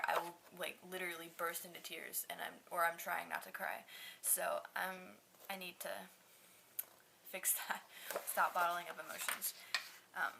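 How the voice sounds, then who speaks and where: A woman's voice: lowish voice, creaky, heavy background noise. A nineteen-year-old woman in casual vlog talk, chatty and rambling, poking fun at herself. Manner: chatty and rambling, self-mocking. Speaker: vlogger.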